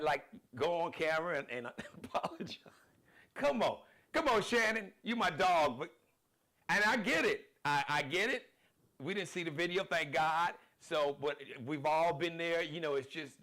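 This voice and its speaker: A man hosting a live talk show, giving animated, slangy, opinionated commentary. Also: a little high.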